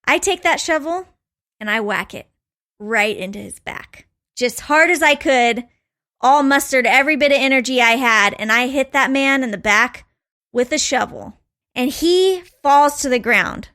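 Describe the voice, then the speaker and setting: A woman co-hosting a podcast, telling a story in a casual, animated way, laughing often and acting out quotes. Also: high voice, moderate pace. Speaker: podcast co-host.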